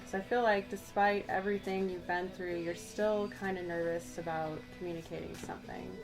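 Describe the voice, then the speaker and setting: A woman's voice: lowish voice, fairly even intonation, moderate pace. A woman giving a channeled tarot reading, musing aloud and speaking straight to the listener, her voice a little worn. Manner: musing, addresses the listener directly. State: slightly losing her voice. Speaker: tarot reader. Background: background music.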